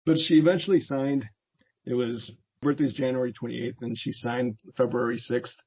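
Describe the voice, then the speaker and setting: A man's voice: mid-range voice, moderate pace, slightly rough. A middle-aged American man, a veteran and therapist, telling stories from his youth as an interview guest, laughing often and acting out the people he quotes. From United States. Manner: relaxed storyteller who laughs often and acts out quoted voices. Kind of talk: casual storytelling. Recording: dull lo-fi audio.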